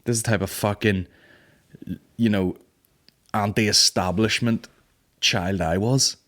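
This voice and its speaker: Sweary low-voiced man telling stories. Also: fairly even intonation, slow, fairly bright tone. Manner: sweary storytelling, acting out quoted voices. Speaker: podcast host. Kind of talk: casual comedic monologue.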